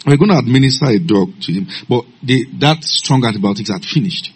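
A man preaching a sermon, telling stories in a low calm voice and breaking into loud shouted commands. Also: a little fast, slightly rough.

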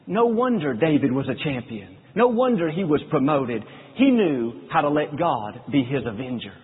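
A man with a husky, slightly high voice preaches with earnest storytelling. His words carry a long hall echo. The sound is thin and phone-like. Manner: earnest storytelling preacher, slows for scripture quotes. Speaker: pastor. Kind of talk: sermon.

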